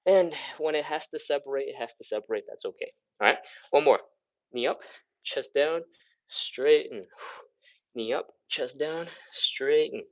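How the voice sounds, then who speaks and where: A man's voice: mid-range voice, unhurried, lo-fi sound. A man leading a live stretching workout, giving upbeat cues, counting down and breathing audibly as he stretches along. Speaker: stretching instructor.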